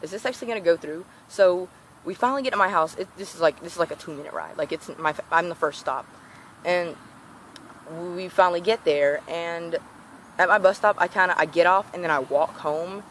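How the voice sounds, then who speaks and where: A woman's voice: on the low side, moderate pace, a little hiss or hum. Teen girl ranting through a storytime. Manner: animated, acts out quoted voices. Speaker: vlogger. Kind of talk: storytime rant.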